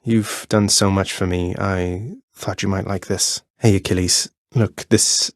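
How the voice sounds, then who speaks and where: Zagreus, a young male prince of the underworld in a video game. His voice sits very low and is recorded close and dry, with no room around it. He sounds earnest and polite with his elders, but dry and teasing with his friends. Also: steady tone, unhurried, dry recording.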